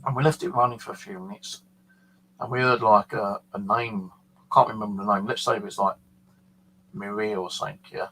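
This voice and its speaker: British guy rambling thru a spooky story, bright gravelly voice, lots of "you know". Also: lowish voice, steady tone, fairly quick, a little hiss or hum, low-quality recording. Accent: British English. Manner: rambling, many fillers. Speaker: paranormal channel host. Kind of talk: casual storytelling.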